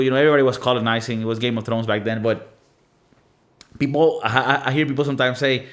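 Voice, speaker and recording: A man's voice: mid-range voice, fast talker, a bit bright. Blunt, cussing man from Venezuela. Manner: blunt, profane, emphatic with lots of fillers. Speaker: podcast host. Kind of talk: casual monologue.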